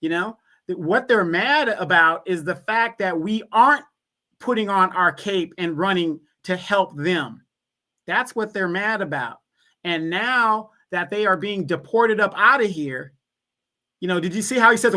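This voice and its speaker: A woman hosts a live-stream commentary, her bright voice pressing each point as she rants. She keeps slipping into mocking quoted voices before answering them herself. Her pitch sits mid-range for a woman. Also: moderate pace. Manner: ranting, mocks others in quoted voices.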